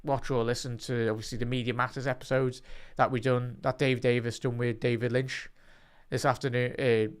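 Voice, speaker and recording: A young man hosting a live football watch-along, chatting to his viewers and breaking into excited commentary. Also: medium pitch, normal speed, clear, resonant tone. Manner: excitable, bursts into loud rising commentary during attacks; chatty, addresses the live chat by name.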